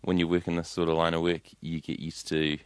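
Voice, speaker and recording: A man with a New Zealand accent talking as a guest comedian, understated, deadpan and dryly literal. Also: sits low, brisk, clean tone, dry recording. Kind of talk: casual interview. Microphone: studio microphone.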